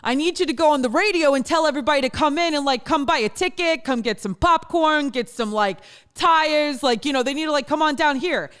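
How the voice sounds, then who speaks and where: A woman imitating her father, a loud, pushy Italian-American man from Jersey, who talks fast and insistently. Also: high voice, long reverb tail, voice pushed up. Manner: rapid and insistent, with repeated "like".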